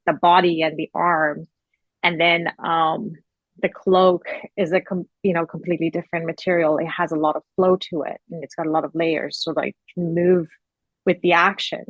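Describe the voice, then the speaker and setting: A woman's voice: on the low side, no room sound, highs cut off. A woman working as a costume designer, chatting casually in an interview, full of filler words and easy laughs.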